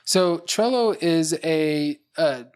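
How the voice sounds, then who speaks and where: A man's voice: on the high side, lively intonation, slow, clear, resonant tone. Guy on a podcast walking through his game prep, lots of uh and like, easygoing chat. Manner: methodical, explains step by step with "uh" and "like". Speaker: podcast co-host, dungeon master. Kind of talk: casual chat.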